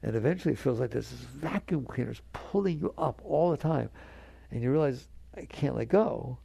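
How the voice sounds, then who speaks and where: A man's voice: medium pitch, lively intonation, brisk, vocal fry, warm tone, slightly rough, no room sound. A man giving a spiritual talk to an audience, earnest and conversational, coaxing his listeners along. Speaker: spiritual teacher.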